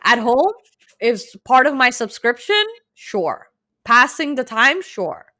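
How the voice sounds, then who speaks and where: Bright-voiced woman, teasing and opinionated. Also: fairly high pitch, sing-song, takes it slowly. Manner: opinionated, teasing, talks straight to viewers. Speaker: podcast co-host. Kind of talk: casual chat.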